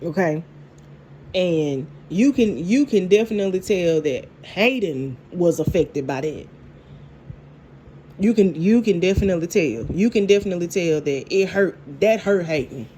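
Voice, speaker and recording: Woman, casual TV recap, animated, quick laughs, faint background noise. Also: lowish voice. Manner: animated, laughing, repeats and restarts. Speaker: TV show reviewer.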